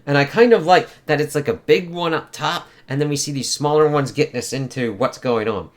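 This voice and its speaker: A man's voice: medium pitch, brisk, few pauses. A man giving a casual, profane spoken review of a comic book, with lots of fillers.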